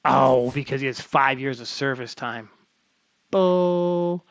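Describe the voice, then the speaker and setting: This man's medium-pitched, level voice is fairly bright and moves at normal speed, with no echo. A gaming streamer, he chats to himself in live commentary while sorting the roster in a baseball management game.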